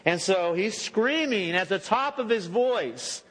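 A male pastor delivers a casual, chatty sermon full of asides and restarts. His voice sits a little high for a man. It rings out with a long reverb in a church sanctuary. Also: lively intonation, takes it slowly, fairly bright tone. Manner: conversational, joking asides and self-corrections.

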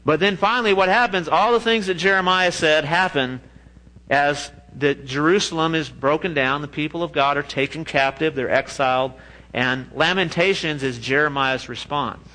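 A man preaching a sermon in a lively, joking way, often laughing at his own asides. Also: on the high side, moderate pace, low-quality recording. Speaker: pastor.

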